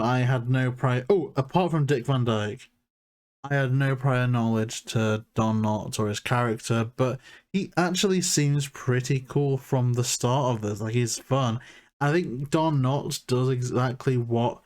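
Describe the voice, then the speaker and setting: Male podcast co-host, mid-pitched, casual chatty review talk with dry jokes. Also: a little mellow. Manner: chatty, self-deprecating humour.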